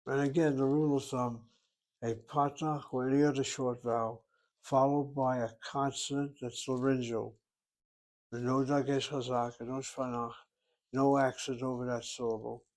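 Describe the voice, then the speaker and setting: A man's voice: medium pitch, little pitch movement, normal speed, darkish tone. A man teaching a recorded language lesson, working through each word aloud, step by step and methodically. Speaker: Hebrew teacher.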